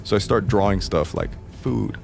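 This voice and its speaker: A man's voice: fairly low pitch, normal speed, gravelly, a little mellow, soft background music. A man in his forties telling a casual anecdote in a loose, profane way, laughing easily. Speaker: guest storyteller in a played clip.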